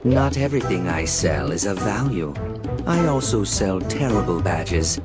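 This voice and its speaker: A man's voice: sits low, sing-song, measured pace. A man voicing a shady badge merchant in a video game, speaking with dry, sly delivery over game music.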